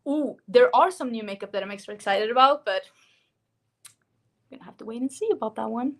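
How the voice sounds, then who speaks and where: A woman's voice: on the high side, a little fast. Chatty Swedish-accented woman vlogger. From Sweden. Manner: chatty, laughs often, reads out viewer comments. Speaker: beauty vlogger hosting a livestream. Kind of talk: casual livestream chat.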